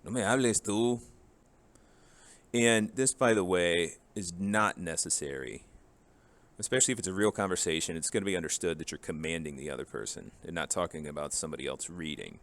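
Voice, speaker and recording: A man with a very low, deep voice runs a grammar lesson. His delivery is casual and joking, and he walks through forms one at a time. The tone stays relaxed and explanatory throughout. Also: a little fast. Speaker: Spanish teacher.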